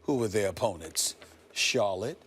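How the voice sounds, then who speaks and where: A man's voice: high voice, a little fast, a bit bright. A man with a New York accent, hosting a heated studio sports debate, emphatic and repetitive. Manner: emphatic, repeats himself, preacherly.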